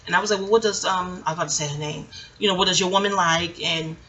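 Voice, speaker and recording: A woman talks through a long personal story in a bright, forceful voice. She wanders off on tangents and keeps circling back with sharp rhetorical questions. It feels like an unscripted audio-only vlog. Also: lowish voice, steady tone, racing, rough recording. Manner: chatty, digressive, asks pointed rhetorical questions. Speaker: vlogger. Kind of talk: rambling personal monologue. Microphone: audio-only home recording.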